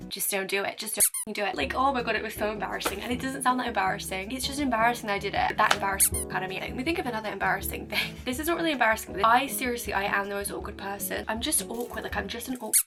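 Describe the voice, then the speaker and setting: A woman's voice: mid-range voice, very fast, gravelly, few pauses. A young woman chatting casually to camera as a vlogger, self-mocking, clipping her swear words short. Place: her bedroom, indoors. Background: music playing elsewhere in the house.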